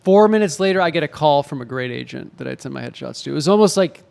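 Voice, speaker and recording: A man in his forties, an actor and author, telling animated anecdotes in a casual interview and acting out the quotes. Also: a little high, fast talker, creaky, smooth. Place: home in Los Angeles.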